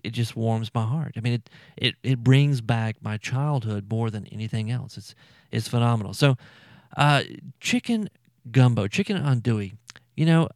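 A man's voice: medium pitch, darkish tone, no echo. Guy rambling on his food podcast, lots of ums and stammers, dry sound. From Louisiana. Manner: chatty, repeats himself, lots of fillers and stammers. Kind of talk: casual podcast talk.

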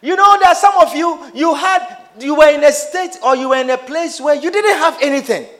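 A man's voice: very high voice, fairly quick, a bit bright. A man preaching a sermon, calling out to his congregation with questions and playful teasing.

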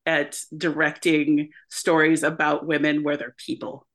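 A woman's voice: low voice, completely flat delivery, unhurried, a bit bright. A woman talking casually about a film, rambling and leaning heavily on "like" and "you know". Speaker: podcast co-host or guest.

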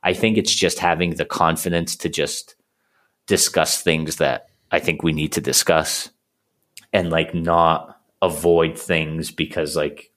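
A man in his thirties with a very low voice talks openly as a coaching client. He rambles and circles back, filling his sentences with "like" and "you know" and restarting as he works out what he means. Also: fairly bright tone. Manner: rambling, many fillers and restarts. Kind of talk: casual conversation.

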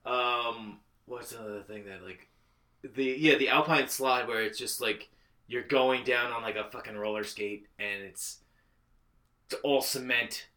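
A man co-hosts a casual movie podcast, rambling along with plenty of fillers and swearing. His voice is medium-pitched and sharp in tone, and his pace is measured.

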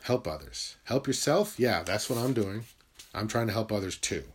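A man talking through a rambling, confessional video monologue about self-help and his writing. He swears freely and his voice swings from loud, heated bursts to quiet muttering. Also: lowish voice, animated, moderate pace, a little hiss or hum.

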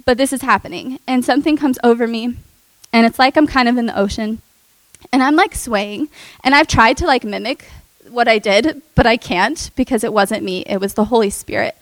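A young adult woman telling a personal testimony in an earnest, emotional way, with many fillers and soft laughs. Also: on the high side, normal speed, no echo, rough recording. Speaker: speaker sharing a testimony.

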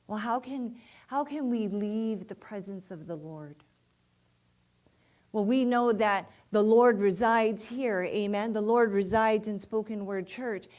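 A woman's voice: medium pitch, slow, a little mellow. A woman preaching a sermon in church, often calling "amen?" to the congregation and rising to fervent emphasis.

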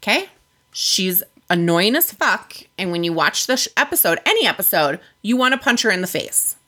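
A woman's voice: mid-range voice, big pitch swings, moderate pace, pushed and bright. A woman co-hosting a podcast, recapping a show in casual chat, candid and swearing freely. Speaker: podcast co-host.

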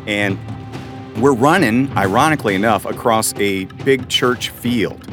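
A man co-hosting a podcast, telling a funny story in a casual, animated way. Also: measured pace, over music. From Arkansas, US. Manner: animated storyteller, voices his friends with a jump in pitch. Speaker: podcast co-host.

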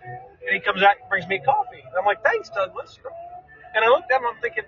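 Bright, high-voiced man telling a story. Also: brisk, faint music behind. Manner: animated storyteller, acts out quoted voices. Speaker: storyteller in conversation. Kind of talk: casual chat. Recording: lo-fi recording with faint background noise.

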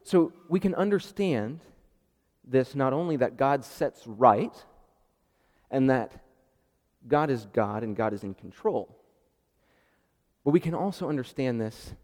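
A man preaching a sermon, animated and acting out the dialogue with sudden jumps in pitch and loudness. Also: slow pace, long pauses. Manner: animated, acts out the dialogue with rising pitch and volume. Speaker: pastor. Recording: long reverb of a hall.

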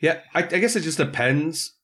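A man's voice: on the high side, animated, moderate pace, fairly bright tone. A man co-hosting a podcast who talks casually and keeps slipping into impressions of others. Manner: chatty, slips into impressions. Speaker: podcast co-host. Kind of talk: casual chat.

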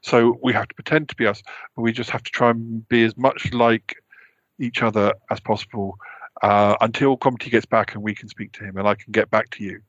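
A man's voice: lowish voice, level tone, fairly quick, fairly bright tone, no echo, highs cut off. A British man hosting a podcast and acting in an improvised comedy sketch, talking hesitantly with lots of restarts. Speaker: podcast host.

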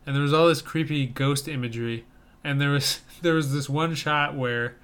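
A man's voice: fairly high pitch, steady tone, normal speed, a bit bright, clean tone. A young adult man co-hosting a podcast, chatting casually and enthusiastically about trailers and rambling with restarts. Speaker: podcast co-host reviewing trailers. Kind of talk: casual chat.

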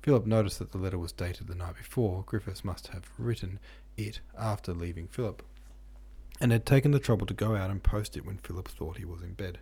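A man narrating a classic novel as a podcast audiobook reader, steady and unhurried. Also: low voice, vocal fry, slightly rough.

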